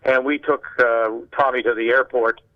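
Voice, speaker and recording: An older man from Canada, a guest sportscaster, chatting casually and telling animated anecdotes with acted-out dialogue. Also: mid-range voice, normal speed, highs cut off. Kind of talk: casual conversation, storytelling.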